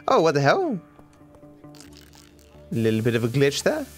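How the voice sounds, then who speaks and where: Aussie guy streaming a game, bouncy lively voice, kinda high, cracking sarcastic jokes and swearing, faint game music behind. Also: takes it slowly. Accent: Australian. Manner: joking, sarcastic, swears casually. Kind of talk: live gameplay commentary.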